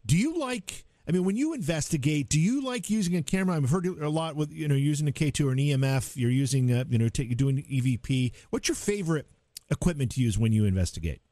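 A man hosting a radio interview, chatting casually and asking questions with an animated delivery. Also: fairly high pitch, quick pace, no echo. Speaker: radio host.

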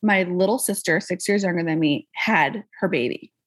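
Husky woman telling her story. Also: on the low side, moderate pace. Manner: candid, animated, acts out quoted voices. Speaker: guest. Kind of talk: casual conversational storytelling.

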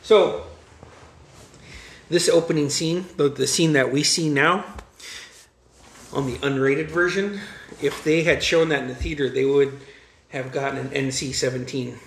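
Gravelly animated man in an echoey room. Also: on the high side, a little slow, pauses often, slight background noise. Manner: animated, profane, acts out quotes. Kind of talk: casual chat recounting a movie.

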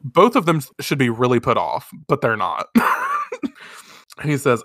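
A woman's voice: rumbling low, sing-song, a little slow, a bit bright, no room sound, clean studio sound. A woman in her late twenties hosting a podcast, reading a comic aloud with sarcastic commentary, laughing and swearing often. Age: late 20s. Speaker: podcast host.

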